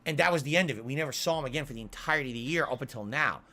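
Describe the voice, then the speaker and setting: A man's voice: mid-range voice, racing, pushed and bright. A man chatting casually in a vlog, rambling on about household chores and mildly annoyed. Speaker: vlogger in a clip being reacted to.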